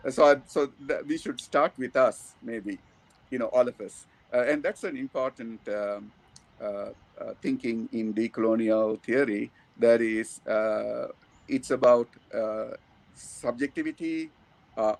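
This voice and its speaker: A man from Sri Lanka with a Sri Lankan English accent, giving a thoughtful academic talk with many pauses and fillers. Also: medium pitch. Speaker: academic speaker.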